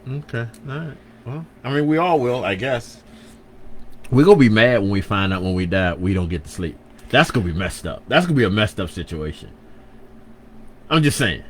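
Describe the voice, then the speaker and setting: A man's voice: lowish voice, lively intonation, normal speed, a little hiss or hum. A man from hosting a casual radio show, playful and self-correcting as he hypes the listeners.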